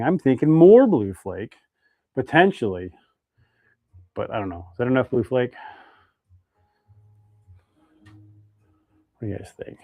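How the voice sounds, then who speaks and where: A man's voice: lowish voice, creaky, a little mellow, a little hiss or hum. A man hosting a casual live stream while making fishing baits, chatting and reading viewer comments aloud. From Idaho, United States.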